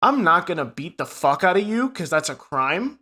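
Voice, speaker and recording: A man's voice: fairly high pitch, big pitch swings, normal speed, pushed and bright. A young man co-hosting a podcast, swearing a lot as he retells a story in casual chat. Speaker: podcast co-host.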